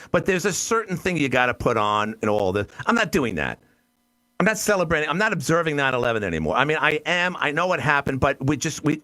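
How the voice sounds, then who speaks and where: A man's voice: medium pitch, a bit bright. An American man hosting a call-in radio show, blunt and exasperated, often cutting in on callers. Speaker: radio talk show host.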